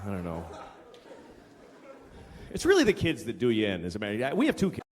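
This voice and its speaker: A man's voice: mid-range voice, wildly swooping pitch, rapid-fire, slight background noise. A man performing a stand-up comedy routine, telling stories in a profane, exasperated way. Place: comedy venue on stage. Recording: reverberant club with loud crowd laughter.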